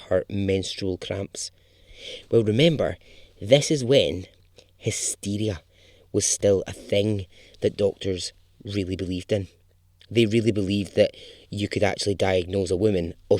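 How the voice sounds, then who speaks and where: A man's voice: fairly low pitch, darkish tone, no room sound. A man hosting a podcast, telling a true story in a chatty, casual way and swearing now and then for emphasis.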